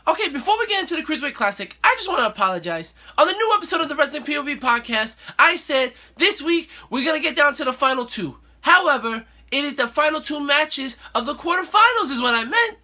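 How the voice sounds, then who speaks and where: A male host giving a casual, excitable and playful wrestling recap. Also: very high-pitched, quick pace, few pauses. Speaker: show host.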